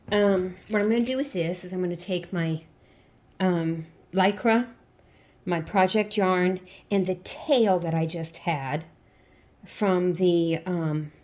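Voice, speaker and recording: Woman w/ a lowish voice doing a homey craft tutorial, patient, keeps asking okay?. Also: slow, pauses often, darkish tone. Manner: patient, repeats steps and checks in with frequent "okay?"; chatty and homey, with playful "ta-da". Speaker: crafter teaching sock machine knitting. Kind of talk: step-by-step tutorial.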